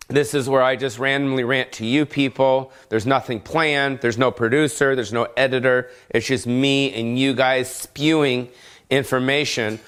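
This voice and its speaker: A man's voice: mid-range voice, fairly bright tone, smooth. A man hosting his own podcast, rambling profanely and jokingly in an unplanned rant at home. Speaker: comedian podcast host. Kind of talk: casual unscripted rant.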